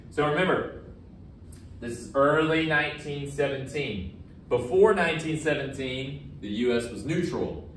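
A man teaching history in a relaxed, wisecracking manner as he works through practice questions. His voice sits a little high and comes from a few steps away from the mic. The room echoes, and a faint hiss runs underneath. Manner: casual and jokey, self-described as sarcastic. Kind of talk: recorded lesson walking through practice questions. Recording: roomy echo, distant from the mic, faint background noise.

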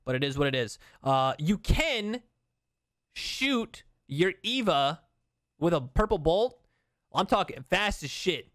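A man's voice: on the high side, sing-song, slow pace, fairly bright tone, no room sound, studio quality. A young man giving casual, slangy gaming commentary, hyped and repeating himself. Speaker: gaming YouTuber.

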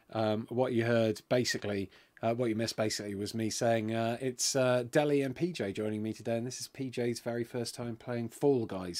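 Brief: male streamer host, mid-pitched voice, loose rambling live chat at home, plenty of ums. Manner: rambling, apologetic, lots of ums and uhs.

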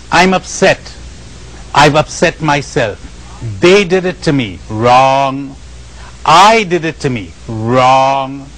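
A man giving a spiritual lecture to a live audience, animated and questioning, often asking the listeners questions and acting out the voices of the people he describes. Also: mid-range voice, low-quality recording. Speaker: spiritual teacher.

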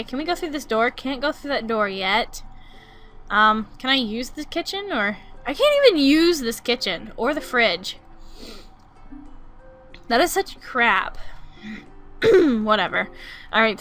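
A young woman giving excitable let's-play commentary, gushing and repeating herself as she plays. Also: a little high. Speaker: gaming YouTuber.

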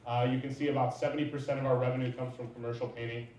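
Speaking rapid-fire with a flat delivery, this thirtysomething business owner has a medium-pitched, slightly mellow voice. He rambles through filler-heavy anecdotes in an informal talk, recorded from a distance in an echoey lecture hall.

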